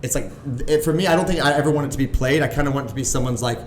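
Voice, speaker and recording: A man in his thirties telling a story on a podcast as a guest, animated and full of "like", acting out the voices of people he quotes. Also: medium pitch, rapid-fire, reverberant, a little hiss or hum. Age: 30s. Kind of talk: casual storytelling chat.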